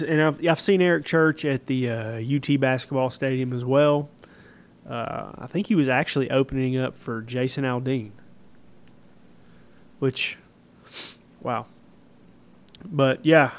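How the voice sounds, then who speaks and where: A man from Middle Tennessee with a Southern accent, hosting a podcast in easygoing, rambling casual talk full of fillers. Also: medium pitch. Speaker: podcast host.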